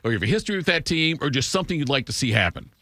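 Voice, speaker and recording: A man's voice: a little high, animated, rapid-fire, bright, forceful tone, no echo. Teasing male sports show host. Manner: teasing, asks long rambling questions. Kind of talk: morning sports talk show.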